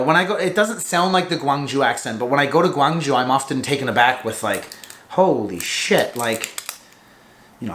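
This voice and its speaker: A man in a relaxed vlog, speaking in a loose, informal way with the odd swear word. His voice sits a little higher than most men's. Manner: chatty, informal, swears casually. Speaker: vlogger reviewing Korean alcohol. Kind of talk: casual vlog chat.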